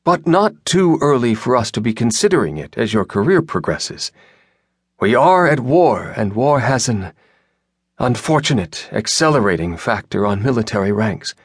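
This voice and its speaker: A male audiobook narrator voicing a senior admiral who speaks in a measured, apologetic but firm way, recorded dry in a studio. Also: mid-range voice, very animated, breathy edge, no echo, voice pushed up.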